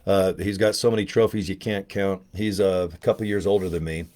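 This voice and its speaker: A man's voice: low-pitched, fairly even intonation, brisk, darkish tone. An older man talking in a casual, rambling vlog, joking and chatty with a self-deprecating streak. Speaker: network marketing promoter.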